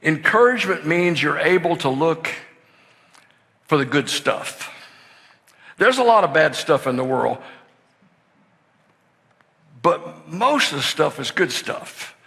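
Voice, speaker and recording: An older man preaching a sermon, telling stories that swing from hushed to excited shouting. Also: on the high side, takes it slowly, gravelly, pauses often. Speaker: pastor. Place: church sanctuary. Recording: long hall reverb in a church.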